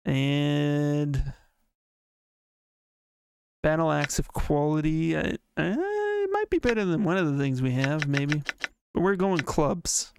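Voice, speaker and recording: A man with a gravelly, slightly raised voice streams a game and chats as he plays. He thinks out loud and reads the game text aloud. A faint noise runs behind him. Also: a little high, sing-song, slow pace, long pauses. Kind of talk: casual let's-play commentary.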